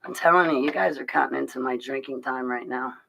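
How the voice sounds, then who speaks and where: Gravelly, forceful woman chatting on a livestream. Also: rumbling low, fast talker, rough recording. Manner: rambling, confiding, emotional, with frequent laughs and restarts. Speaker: livestream host talking to her chat. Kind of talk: casual livestream chat.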